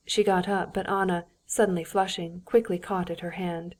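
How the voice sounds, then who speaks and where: A woman narrating a classic novel as an audiobook in an even, measured storytelling manner. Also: lowish voice. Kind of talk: scripted narration.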